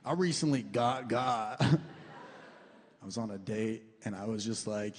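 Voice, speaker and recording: A young man doing a stand-up routine on a comedy club stage, animated and crude, shouting out his punchlines. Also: lowish voice, takes it slowly, long pauses. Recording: reverberant club room with faint ambience.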